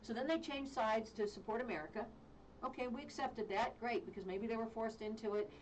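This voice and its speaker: A woman's voice: fairly high pitch, a little fast, distant mic, a little hiss or hum, poor audio. A woman hosting a live radio talk show, ranting with strong opinions and mocking others in put-on voices.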